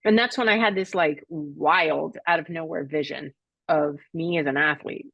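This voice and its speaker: A middle-aged woman recounts her own story as a podcast guest, speaking slowly and reflectively with halting pauses and moments where she is near tears. The sound is dry and close, with no room echo. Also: deep voice, creaky, dull audio. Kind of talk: emotional personal storytelling.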